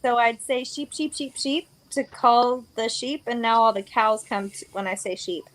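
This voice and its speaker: A woman's voice: fairly high pitch, fairly even intonation, normal speed, fairly bright tone, poor audio. A woman in her forties hosting a casual chat, talking freely and laughing easily. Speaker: host.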